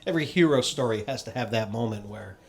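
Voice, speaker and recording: A man co-hosting a casual podcast chat, talking in a relaxed, conversational way. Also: mid-range voice, fast. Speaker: podcast co-host.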